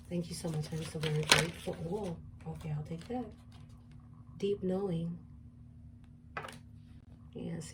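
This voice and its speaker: A woman's voice: lowish voice, distant mic, slight background noise. A woman doing a casual tarot reading, musing aloud and repeating card affirmations. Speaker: tarot reader.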